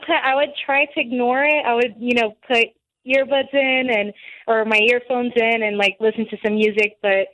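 A female caller to a radio show, telling her story in a measured, slightly hesitant way. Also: a little high, steady tone, a bit bright, lo-fi sound. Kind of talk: call-in chat.

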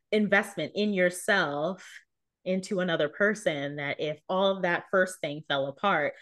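A woman hosting a podcast, her voice set a little low. She talks in a relaxed, thoughtful, easygoing way. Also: dry recording, clean studio sound. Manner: relaxed, reflective, conversational. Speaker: podcast host. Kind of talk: casual conversation.

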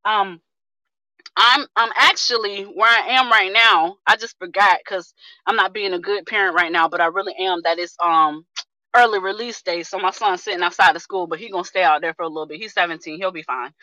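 A woman in her thirties giving an energetic, preachy testimony on a group video call, repeating herself for rhythm and calling her listeners family. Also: mid-range voice, brisk, no echo, rough recording. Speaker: community member sharing testimony.

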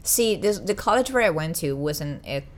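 A woman's voice: on the low side, animated, moderate pace. A young woman from Italy, English not her first language, chatting casually and often stopping to search for words. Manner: searching for words, many restarts. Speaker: podcast guest. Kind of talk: casual chat.

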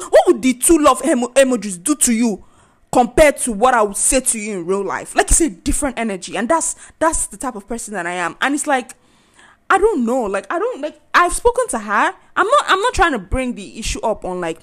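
A woman hosting a podcast, chatting casually in a loud, animated way. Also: a little high. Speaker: podcast host.

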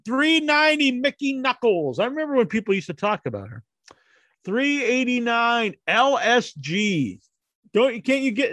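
A man's voice: sits high, a bit bright, dry recording, studio quality. A man hosting his own show, counting down a ranking with jokey, rambling, crude asides. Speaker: host counting down a wrestler ranking. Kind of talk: casual solo commentary.

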